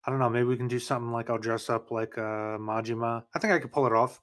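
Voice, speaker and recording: A man's voice: mid-range voice, steady tone, quick pace. A man co-hosting a casual podcast, joking around in a playful way. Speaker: podcast co-host. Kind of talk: casual chat.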